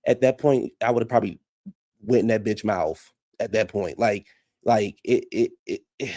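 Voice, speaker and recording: A man giving casual, profane reaction commentary on a reality show, blunt and animated, often laughing. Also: lowish voice, a little fast, dry recording, clean studio sound.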